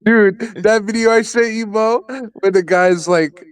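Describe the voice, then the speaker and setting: A man's voice: high voice, unhurried, clear, resonant tone, dry recording. A man, a friend of the host, chatting casually in a slangy, laughing way with a lot of swearing. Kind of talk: casual chat.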